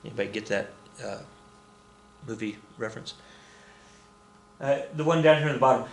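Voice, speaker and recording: A man's voice: medium pitch, normal speed, long pauses. A man teaching a history lecture in a casual, joking way, often repeating key points for emphasis. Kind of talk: recorded classroom lecture. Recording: echoey room.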